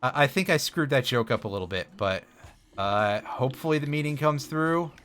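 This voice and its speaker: A man's voice: mid-range voice, lively intonation, normal speed, a bit bright. A man streaming a video game live, giving wry, self-mocking commentary and talking to his chat as he plays. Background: faint game music.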